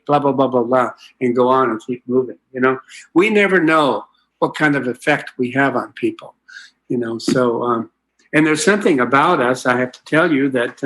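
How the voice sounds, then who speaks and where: A man's voice: mid-range voice, a bit bright. An older man from Southern California giving a folksy, rambling personal talk at a recovery meeting, full of fillers and asides.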